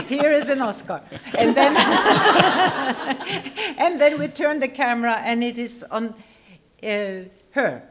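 An older actress telling a stage anecdote to an audience, acting out quoted lines and laughing often. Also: female voice, high-pitched, expressive, extremely slow, pauses often, very noisy. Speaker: guest actress telling a story.

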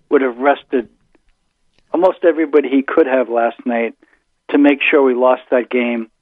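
An older man calls in over a tinny, thin phone line. He talks about sports in a measured, thoughtful way and often restarts his sentences. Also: mid-range voice, dry recording. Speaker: caller, the host's father. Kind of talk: casual sports chat.

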